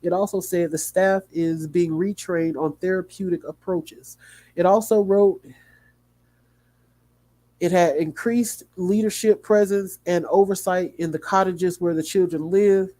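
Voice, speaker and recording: A sleepy, yawning man reads a news article aloud to his livestream audience. His voice sits a little high but sounds mellow and soft-edged. He stumbles now and then and breaks off for quick asides. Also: steady tone. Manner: reads haltingly with small slips and asides. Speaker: livestream host.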